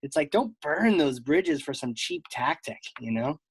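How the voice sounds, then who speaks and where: A man's voice: fairly high pitch, unhurried, slightly rough, dry recording. Chatty man telling stories, dry sound. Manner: animated storyteller, lots of fillers. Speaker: podcast host. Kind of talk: casual conversation.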